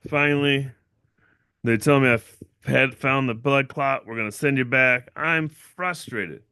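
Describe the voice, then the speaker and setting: Bright, crisp-voiced man telling a story. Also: mid-range voice, fairly even intonation, unhurried, no echo, clean studio sound. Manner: rambling, repeats himself, fillers like "right?". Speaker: channel owner and livestream host. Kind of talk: casual livestream storytelling.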